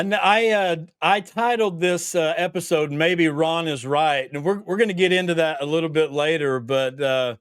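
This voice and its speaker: Southern guy hosting a chat podcast, kinda high voice, smooth and dry sound, lots of uhs. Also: no room sound. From Tennessee. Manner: self-deprecating, hesitant with many fillers. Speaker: podcast host. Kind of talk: casual interview.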